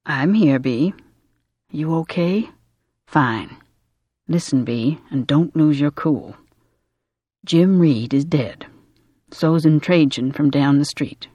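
A narrator voicing a worn-out middle-aged man who talks in short, steady, terse lines. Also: mid-range voice, takes it slowly, pauses often, dry recording, highs cut off. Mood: grim.

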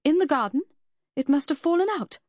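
A woman voicing a defensive young Victorian woman in an audiobook, shrill and agitated. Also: animated, brisk, a little mellow, dry recording, studio quality. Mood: blustering.

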